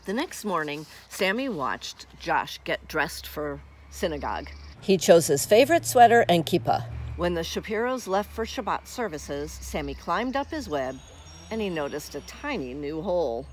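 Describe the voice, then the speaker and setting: A woman's voice: deep voice, big pitch swings, moderate pace, slight background noise. A woman reading a children's picture book aloud, friendly and speaking directly to young listeners. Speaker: storybook reader.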